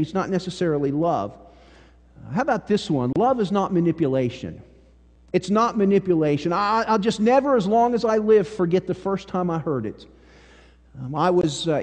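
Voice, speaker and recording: Folksy pastor preaching in a hall. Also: male voice, high-pitched. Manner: folksy storytelling, drops to a hush for serious parts. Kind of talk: sermon. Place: church sanctuary. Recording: church hall reverb.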